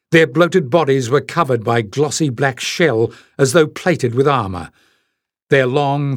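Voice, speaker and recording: A man reading a fantasy novel aloud in a measured, expressive audiobook narration. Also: medium pitch, no echo, studio quality.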